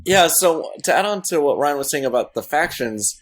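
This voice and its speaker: A man who is a game designer, guesting on a podcast, explaining things in a measured, dry way. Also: a little high, lively intonation. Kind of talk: casual podcast interview.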